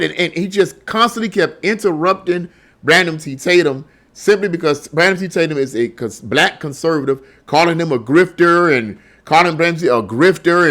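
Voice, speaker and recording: Middle-aged guy ranting blunt on his channel, kinda high voice, keeps repeating words when he's fired up. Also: fairly bright tone. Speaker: political commentary host. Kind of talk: solo opinion commentary.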